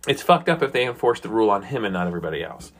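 A man's voice: fairly low pitch, big pitch swings, rapid-fire. A man co-hosting a casual podcast chat, loose and profane, arguing his point with a laugh. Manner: loose, profane, argumentative banter. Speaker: podcast co-host.

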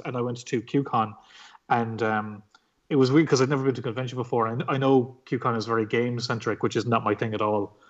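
A man's voice: mid-range voice, lo-fi sound. An Irish man, a comic book artist, telling his story in a casual interview, rambling with lots of fillers and swearing. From Ireland.

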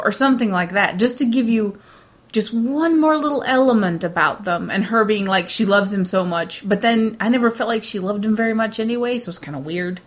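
A woman co-hosting a casual movie review chat, animated and quick to laugh. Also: mid-range voice.

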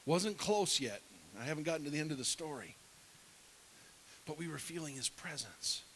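A middle-aged man preaching with a somewhat high voice, telling a story with animation. He sometimes drops to a hushed whisper to act out scenes. A faint hiss runs under the recording. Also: lively intonation, normal speed, poor audio. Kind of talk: sermon storytelling.

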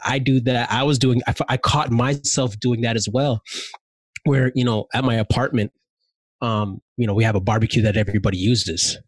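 A man telling stories in casual chat, animated and slangy, with many fillers. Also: mid-range voice, normal speed, slightly rough, no echo.

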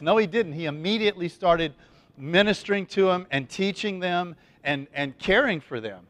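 Chatty pastor with a higher male voice. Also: expressive, normal speed, fairly bright tone, no echo. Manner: chatty, folksy, lots of fillers and restarts. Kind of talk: conversational sermon.

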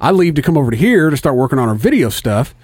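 A man's voice: mid-range voice, fast, no room sound, studio quality. A man telling a story in casual chat, swearing often and acting out both sides of the conversation. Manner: profane, animated storytelling.

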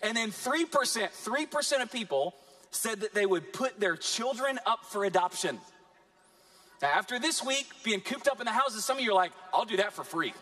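High-voiced animated male preacher. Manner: animated preaching with dramatic pauses. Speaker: pastor. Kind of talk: sermon.

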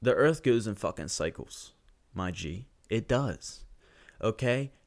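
A man's voice: fairly low pitch, animated, takes it slowly. A young man ranting profanely and sarcastically through a solo podcast monologue.

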